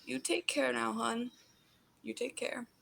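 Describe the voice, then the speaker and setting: A woman voicing a gentle, grieving old man who speaks softly and in a folksy way, calling people honey. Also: on the high side, steady tone, a little slow, gravelly, slightly rough, heavily acted. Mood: kindly. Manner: folksy, soft-spoken, calls people honey.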